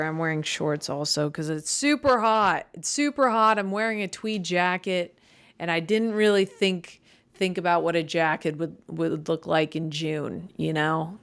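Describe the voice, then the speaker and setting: Stumbling, irritable young woman comedian. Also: on the low side. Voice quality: voice cracks. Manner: stumbling, self-deprecating, easily irritated. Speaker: comedian podcast host. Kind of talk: casual rambling monologue.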